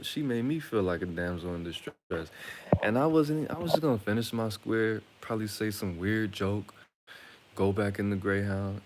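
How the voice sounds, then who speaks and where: Deep-voiced man from Atlanta, streamer telling jokey stories, faint hiss. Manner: rambling, joking, crude. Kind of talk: casual storytelling to viewers.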